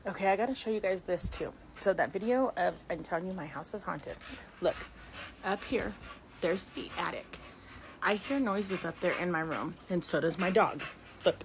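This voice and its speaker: A jittery middle-aged woman films her own house on a phone, her breathless voice often sinking to a whisper. She speaks in a mid-range pitch. A clear background hiss runs under the whole recording. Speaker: homeowner filming her house. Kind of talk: frightened phone recording of a haunting. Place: inside a house. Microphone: phone camera.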